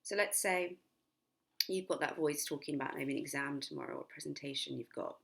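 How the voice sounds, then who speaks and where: A middle-aged woman explains a sleep technique in a loose, repetitive, chatty way, like a hypnotherapist coaching clients. Her voice is husky and a little gravelly, sitting on the low side. She now and then slips into slow, sleepy, whispered examples. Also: fairly bright tone. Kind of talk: casual spoken self-help lesson to camera.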